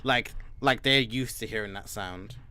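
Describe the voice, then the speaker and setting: A young man running a tabletop game as game master, narrating slowly with many ums and pauses. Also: on the low side, sharp tone, smooth. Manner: slow, halting narration full of ums and uhs.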